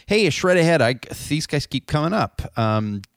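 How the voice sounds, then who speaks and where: A man's voice: on the high side, big pitch swings, normal speed, clear, resonant tone, no room sound. A man hosting a casual industry podcast in a studio, chatty and upbeat, with many fillers and restarts. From Canada. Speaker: podcast host.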